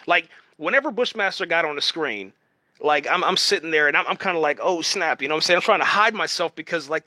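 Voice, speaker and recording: A man's voice: a little high, bright, forceful tone, no room sound, studio quality. A man giving casual, rambling commentary on a TV series, full of fillers and restarts, tagging sentences with "man". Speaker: video host reviewing a TV series. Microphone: home streaming setup.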